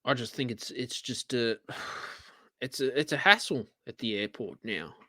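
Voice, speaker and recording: A man's voice: mid-range voice, a little slow, bright, forceful tone, no echo. An Australian man hosting a live-streamed radio-style show, ranting in an exasperated, profane way. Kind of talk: live-streamed solo rant.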